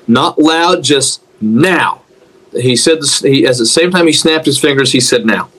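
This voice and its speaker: A man recounting a prophetic dream in a dramatic storytelling way, often repeating words as he searches for them, and slowing and dropping low to stress key lines. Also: a bit bright, rough recording.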